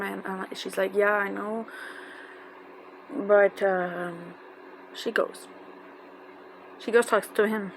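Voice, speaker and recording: A woman with a tells an emotional personal story in a halting, casual way, with many fillers and restarts. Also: mid-range voice, little pitch movement. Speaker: fan telling a personal story. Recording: noisy background.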